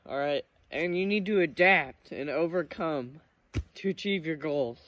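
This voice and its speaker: Teen male vlogger, eager and emotional, repeats himself, higher voice. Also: measured pace, dry recording. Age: teens. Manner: excited, emotional storytelling with repeated words. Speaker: hunting vlogger. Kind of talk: casual storytelling to camera.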